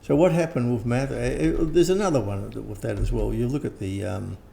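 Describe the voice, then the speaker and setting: Older man, gravelly, dark tone, rambling interview talk, faint background hiss. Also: mid-range voice, brisk. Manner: rambling, frequent restarts and throat clearing. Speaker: interviewed teacher. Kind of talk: casual conversation.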